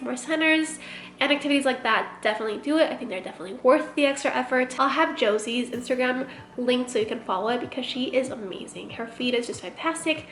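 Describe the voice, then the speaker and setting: A woman's voice: sits high, a bit bright, echoey room, a little hiss or hum. A woman who teaches first grade, chatting casually in a vlog from her car, congested with a stuffy nose and a bit frazzled.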